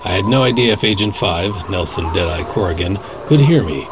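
A man's voice: low voice, expressive, brisk, background noise. A man narrating a suspenseful first-person radio drama in a dramatic, scripted way. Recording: narration over music. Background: music.

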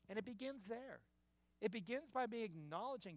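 A man preaching a sermon in a church, emphatic and building to loud peaks. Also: high-pitched, expressive, moderate pace, dry recording. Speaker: pastor.

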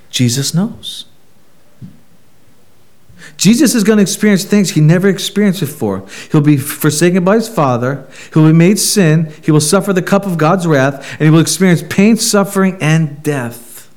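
Emphatic preacher with a higher voice. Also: male voice, darkish tone. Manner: emphatic, with rhetorical questions. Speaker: pastor. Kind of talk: sermon.

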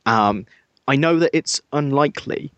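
A man's voice: mid-range voice, moderate pace, no room sound, muffled recording. Midlands-accented man, dry podcast host. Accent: English Midlands. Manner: dry, self-mocking humor with many fillers. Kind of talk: casual podcast chat.

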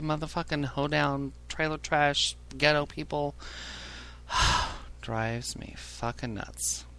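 A man hosting a casual podcast, swearing a lot and ranting about callers from his phone job. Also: fairly bright tone. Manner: profane, ranting, mimics callers in a high voice. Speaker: podcast host; phone service worker. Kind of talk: casual crude chat.

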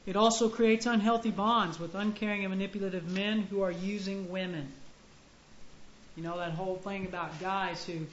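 A man's voice: high-pitched, fairly even intonation, a bit bright, a little hiss or hum. Man preaching in an echoey room. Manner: conversational, halting with restarts, punchy emphasis. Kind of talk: sermon. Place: room with an audience. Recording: echoey, muffled room recording with faint ambience.

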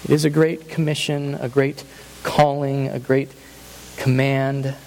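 A man's voice: medium pitch, flat delivery, unhurried, a little mellow, low-quality recording. A man preaching a sermon as pastor, earnest and emphatic, building points through repeated phrases. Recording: faint hiss.

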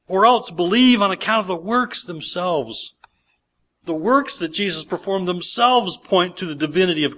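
A pastor preaching in church with a fairly high voice. He reads scripture passages aloud with emphasis, then explains them verse by verse in an earnest preaching manner. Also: bright, forceful tone. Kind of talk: sermon.

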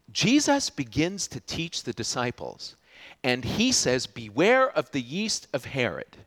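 A man preaching a sermon as a pastor, telling the story with lots of restarts and swings from loud to hushed. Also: medium pitch.

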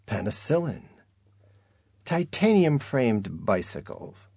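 A man reads an audiobook slowly and deliberately in a low voice. His first-person telling is dry and wry. The recording is close and dead, with no room around the voice. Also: darkish tone, dry recording. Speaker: narrator. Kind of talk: audiobook narration.

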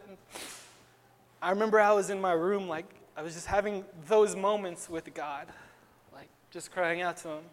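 A man's voice: high-pitched, steady tone, normal speed. A young man giving an earnest, conversational personal testimony as a sermon, full of casual fillers. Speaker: speaker at a Christian gathering. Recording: long hall reverb.

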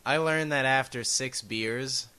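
Blunt, bright-voiced male podcast co-host. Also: mid-range voice, slow, clear, resonant tone. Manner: blunt, crude, wry. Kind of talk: casual podcast chat.

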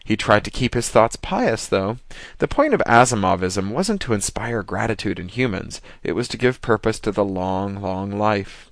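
A man narrating an audiobook story in a steady, measured way. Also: fairly low pitch, vocal fry, no echo.

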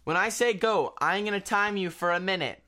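A man's voice: sits high, brisk. A man hosting a casual podcast, refereeing a cracker-eating contest and laughing as he calls the action. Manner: laughing often, excited, bossy.

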